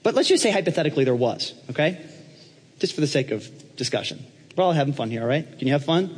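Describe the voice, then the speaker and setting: A pastor preaching in a conversational, joking way, with a lively, animated voice that is slightly husky. Long church reverb trails his words. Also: a little high, fast talker. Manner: joking, conversational, asks the audience questions. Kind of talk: sermon.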